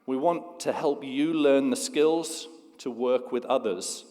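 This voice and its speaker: A man giving a measured, earnest speech at a school ceremony, telling a story to the students in a school hall. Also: mid-range voice, dark tone. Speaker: school leader giving an address. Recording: long hall reverb.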